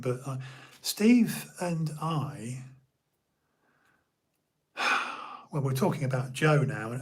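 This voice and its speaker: A middle-aged man from Bournemouth, telling old stories in a rambling casual chat full of fillers and restarts. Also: mid-range voice. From Bournemouth, England.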